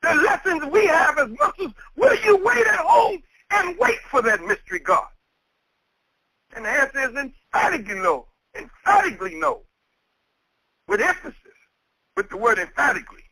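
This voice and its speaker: A man's voice: extremely high pitch, expressive, moderate pace, pauses often, pushed and bright, no echo, poor audio. A man preaching a sermon with an emphatic, repetitive cadence. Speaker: minister.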